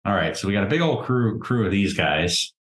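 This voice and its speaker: A man narrating a tabletop game as game master in a relaxed, easygoing way. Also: lowish voice, fairly quick. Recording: roomy echo.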